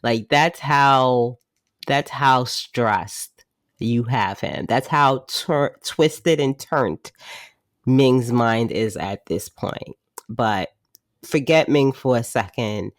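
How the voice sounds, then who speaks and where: A woman's voice: rumbling low, very slow, no echo. A woman hosting a podcast, recapping a drama episode in a chatty, wry way and saying "like" often. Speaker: podcast host. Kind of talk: casual drama recap commentary.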